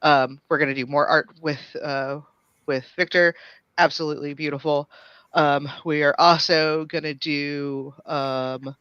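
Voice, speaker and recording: A man's voice: a little high, steady tone, unhurried, pushed and bright, clean tone, no echo. A man speaking as a guest game designer over a remote call, hesitant with many fillers. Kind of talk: casual interview. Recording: dry, dull remote audio.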